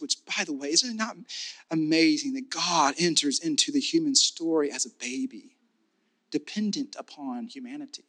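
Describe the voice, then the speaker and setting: A pastor delivering a sermon in a voice on the high side builds to fervent, repeated declarations. He then drops into a soft, intimate tone.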